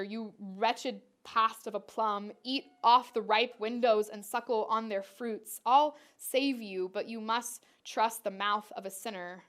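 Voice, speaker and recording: A woman's voice: a little high, a bit bright. A woman performance artist delivering spoken-word poetry in a rhythmic, incantatory way, repeating her refrains.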